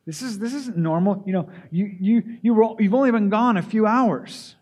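A man's voice: sits high, moderate pace, a little mellow, breathy edge. A man preaching a sermon, asking rhetorical questions and often repeating words as he restarts phrases. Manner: poses rhetorical questions to the congregation.

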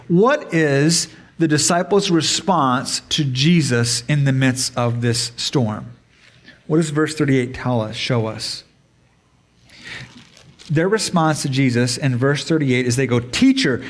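A man preaching a sermon to a congregation in a conversational way, asking them questions and changing his pace for emphasis. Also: mid-range voice. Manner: conversational, asks the audience questions; varied pace, speeds up and slows for emphasis. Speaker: pastor.

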